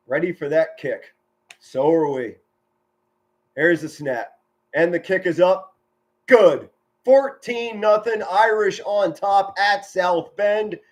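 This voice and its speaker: A middle-aged man giving excited live football play-by-play from home, shouting big plays and chatting warmly with his viewers. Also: high-pitched. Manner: enthusiastic, yells touchdown calls, chatty and sentimental with viewers. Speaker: amateur play-by-play commentator streaming live.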